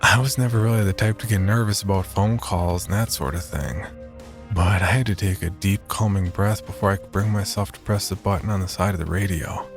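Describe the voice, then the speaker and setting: A man narrating a first-person horror story in a measured, steady voice. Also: sits low, faint music behind.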